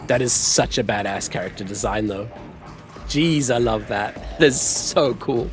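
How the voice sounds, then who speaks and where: A man streaming a game, giving relaxed, casual commentary and getting excited at what he finds. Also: mid-range voice, a little slow, faint music behind. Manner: relaxed, easily excited, talking to himself.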